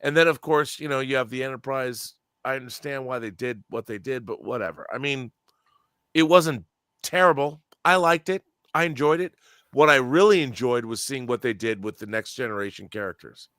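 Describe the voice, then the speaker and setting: A man's voice: medium pitch, normal speed, a bit bright, clean tone, no room sound, clean studio sound. A man in casual podcast chat, emphatic and opinionated, swearing freely and restarting his sentences as he rants. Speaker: podcast co-host.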